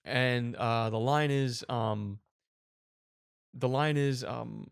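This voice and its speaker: A man hosting a comedy commentary show, telling a rambling, animated story. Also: medium pitch, drawn-out words, gravelly, pauses often, smooth, no echo, clean studio sound. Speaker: show host.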